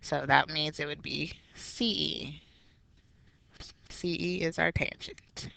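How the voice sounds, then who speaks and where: A woman's voice: low voice, steady tone, slow, creaky, sharp tone, a little hiss or hum. A woman math teacher walking through a geometry review step by step, patient and explanatory. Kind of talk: recorded geometry review lesson.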